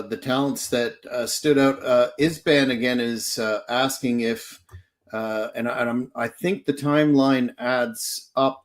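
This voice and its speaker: Halting male podcast host. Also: mid-range voice. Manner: halting, many fillers. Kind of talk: casual interview questions.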